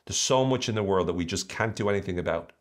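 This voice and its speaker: A man, hosting a solo podcast in a lively, jokey way with mocking asides. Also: deep voice, fast talker. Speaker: podcast host.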